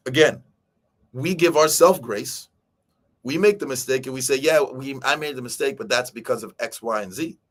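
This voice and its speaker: Guy hosting a live stream, chatty and animated, talks straight to viewers, mid pitch voice. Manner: animated, addresses viewers directly, acts out quoted speech. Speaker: show host. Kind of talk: casual live-stream book talk.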